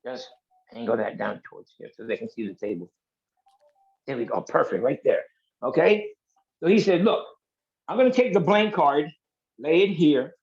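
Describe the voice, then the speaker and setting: A man telling a comic story while performing a card trick, in a chatty, rambling way with many asides, on a video call from a relative's house. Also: fairly high pitch. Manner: chatty, rambling, self-interrupting. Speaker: amateur magician. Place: niece's house, indoors. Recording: muffled video call audio.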